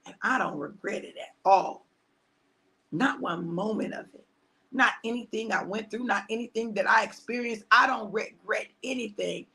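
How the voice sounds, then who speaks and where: A woman pastor, preaching on a livestream with a bright, gravelly voice. She talks conversationally and repeats phrases for emphasis. Now and then she drops to hushed tones. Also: medium pitch, moderate pace.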